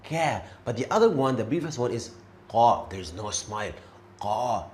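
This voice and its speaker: A man teaching a beginner lesson, repeating each letter clearly and encouraging the learner. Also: mid-range voice, very animated, a little fast, darkish tone. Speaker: Arabic teacher.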